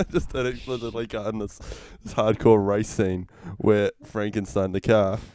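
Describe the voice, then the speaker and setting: A man's voice: fairly low pitch, measured pace, warm tone, dry recording. A man co-hosting a casual podcast, recounting a film with frequent giggles. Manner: laid-back, giggly storyteller. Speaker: podcast co-host. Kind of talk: casual comedic chat.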